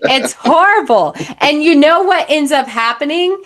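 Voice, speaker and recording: A woman's voice: sits high, lively intonation, measured pace, fairly bright tone. A young adult woman, a relationship coach, talking bluntly and animatedly in a candid podcast conversation, slipping into acted-out voices.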